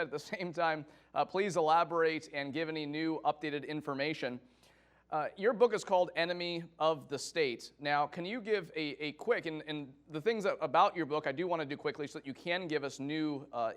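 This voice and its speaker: A male interview host with a slightly high voice. He talks conversationally and stumbles into restarts as he frames his questions. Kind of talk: interview hosting.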